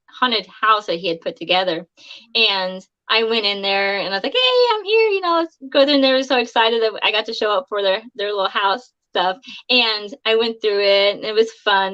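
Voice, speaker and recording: A woman speaks as a guest on a casual live stream, recounting anecdotes in a chatty, laughing way. Her voice is bright and forward, but the stream audio sounds dull and lo-fi. She talks at a middling pitch for a woman. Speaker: guest actress.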